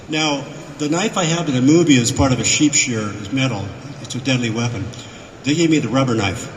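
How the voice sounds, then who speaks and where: A man guesting on a convention panel, telling animated anecdotes to a live audience and acting out the voices in his quotes. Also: medium pitch, slight background noise. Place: convention hall. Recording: echoey hall, miked from afar.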